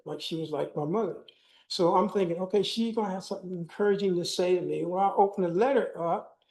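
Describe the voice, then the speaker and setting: Older male speaker, warm dark tone, testimony-style storytelling with dialogue. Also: high voice, poor audio. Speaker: keynote speaker. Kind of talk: personal testimony speech.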